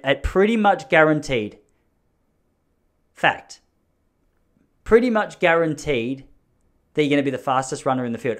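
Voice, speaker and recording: A man hosting a solo podcast, rambling through jokey, self-mocking asides. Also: a little high. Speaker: podcast host.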